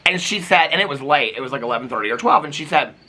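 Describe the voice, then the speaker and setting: Man, from Indiana, casual vlog, animated, gossipy, crisp bright voice. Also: racing. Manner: animated and dramatic, gossipy, big pitch jumps. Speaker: reality TV commentator.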